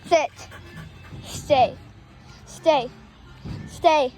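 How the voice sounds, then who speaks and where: A woman's voice: high-pitched, drawn-out words, a little mellow. A young girl playing outdoors with her dog, coaxing and chatting to him in a playful sing-song voice. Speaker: dog owner. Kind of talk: casual vlog talk to a dog. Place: outdoors in a yard.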